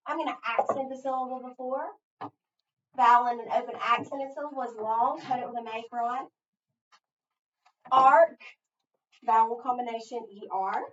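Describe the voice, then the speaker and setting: A woman's voice: fairly high pitch, a bit bright, a little hiss or hum. A woman teacher leading a phonics spelling lesson, patiently sounding out letters one at a time and walking through each step. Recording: echoey room, far from mic, dull lo-fi.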